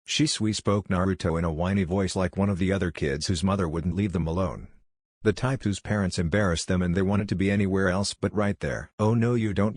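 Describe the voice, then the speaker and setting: A man narrating a fan fiction story in an even, steady reading voice. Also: low voice, no echo, clean studio sound.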